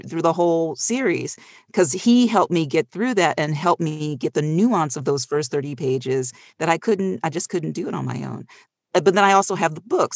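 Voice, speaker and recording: A middle-aged audiobook narrator talking casually on a panel, telling animated stories with frequent laughs. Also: medium pitch, dry recording, studio quality.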